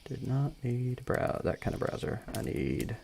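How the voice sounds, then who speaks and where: A man's voice: medium pitch, very animated, unhurried, vocal fry, darkish tone, a little hiss or hum. A young man with a dry throat reading a story aloud on a live stream, chatty and joking between passages. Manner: casual, joking, chatty asides.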